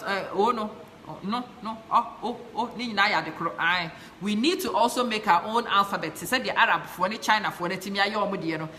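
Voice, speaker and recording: Mixing English and Twi, a woman from Ghana hosts a live show with passion, reading out viewer comments as she chats. She has a Ghanaian accent and a sharp, mid-range voice, with slight background noise.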